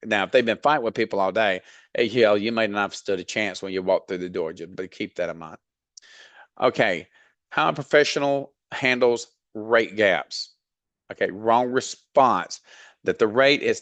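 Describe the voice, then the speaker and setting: A man with a Southern drawl talks through a freight dispatching lesson in a low, steady voice. He is blunt and folksy, drops in mild cursing, and fills pauses with ums and you-knows. The recording is dry and close. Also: dry recording. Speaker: dispatch trainer. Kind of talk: casual instructional talk.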